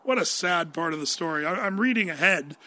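High-voiced, bright, animated male preacher. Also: fairly quick. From United States. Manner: animated, conversational, asks the audience questions. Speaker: pastor. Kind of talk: sermon with scripture reading.

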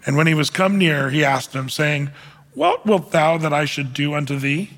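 A man's voice: a little high, normal speed, a bit bright, big-room sound. A male pastor preaching a conversational sermon and reading scripture aloud, with frequent fillers and restarts.

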